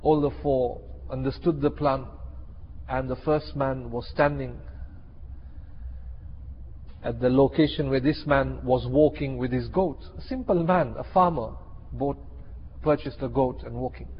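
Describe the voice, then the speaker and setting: A man, giving an animated sermon and acting out the people in his story. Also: medium pitch, a little slow, long pauses, a little hiss or hum. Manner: animated, acts out characters in a story. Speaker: Islamic teacher. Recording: dull echoey hall.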